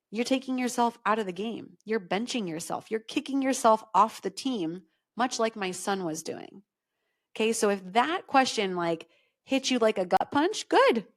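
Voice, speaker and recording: A middle-aged woman talks straight to her listeners as a solo podcast host and coach. Her pitch sits at an ordinary middle height, and her delivery is conversational and emphatic. She keeps checking in with a quick "okay?".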